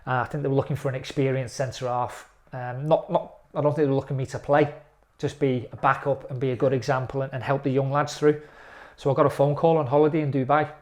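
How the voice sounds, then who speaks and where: A man, a former footballer telling animated stories in a casual interview. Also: medium pitch, fast talker. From England. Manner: chatty, animated storytelling with lively quoted voices.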